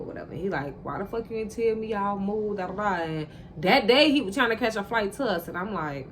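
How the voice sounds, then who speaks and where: A woman telling a personal story straight to her viewers in a casual, animated and profane monologue. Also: mid-range voice, quick pace, few pauses, slight background noise. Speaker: vlogger.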